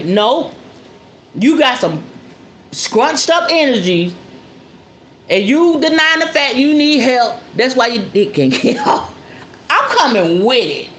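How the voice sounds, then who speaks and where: A blunt, outspoken woman hosts a casual spiritual talk monologue, and her voice swoops up and down with lively energy. The sound is roomy and echoey, with a faint hiss behind her. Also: a little high, measured pace. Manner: blunt, animated, preachy. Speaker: host.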